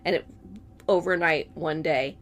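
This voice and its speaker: A woman's voice: low-pitched, unhurried, a little hiss or hum. A woman co-hosting a podcast in casual chat, blunt and teasing, laughing often. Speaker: podcast co-host.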